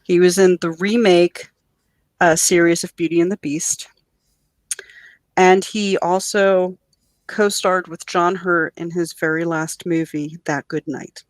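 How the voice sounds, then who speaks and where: Lively woman writer telling a story. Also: on the low side, unhurried, no echo. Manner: animated storyteller. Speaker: guest writer. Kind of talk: podcast interview.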